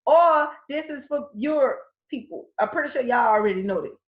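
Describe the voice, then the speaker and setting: Emphatic American woman vlogger, talks with her hands, higher voice, recorded in a roomy space. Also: lively intonation, normal speed. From United States. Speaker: vlogger giving college funding advice. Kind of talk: casual direct-to-camera talk. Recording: echoey room, dull lo-fi sound.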